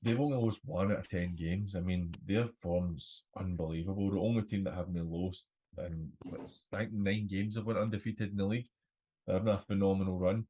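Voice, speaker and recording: A Scottish man hosting a football podcast, running through the weekend's results in a relaxed way with plenty of fillers. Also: deep voice, fairly quick, a little hiss or hum, poor audio. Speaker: host.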